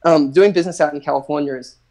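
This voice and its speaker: A man's voice: on the high side, fairly even intonation, fast, warm tone, poor audio. An Australian man chatting casually as a livestream guest, rambling and thinking aloud with many restarts. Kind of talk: casual chat.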